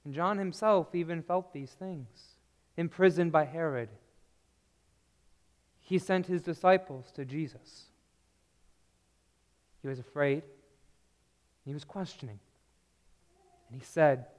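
A man preaching a sermon in a slow, earnest way, dropping to a hushed tone on key phrases, recorded in a church. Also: on the high side. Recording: long reverb of a large hall.

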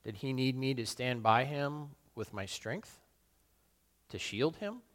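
A man playing Peter, a guilt-torn fisherman, slow and echoing. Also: medium pitch, animated. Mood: remorseful. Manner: slow, brooding, with sudden loud outbursts. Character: remorseful middle-aged fisherman apostle, brash, guilt-torn. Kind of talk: dramatic first-person monologue. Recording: long hall reverb.

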